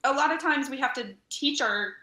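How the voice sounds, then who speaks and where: Woman guest on a podcast, bright and a bit high, lively storyteller, echoey room. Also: normal speed. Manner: animated storyteller, acts out voices. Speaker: camp travel director and nurse. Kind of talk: podcast interview.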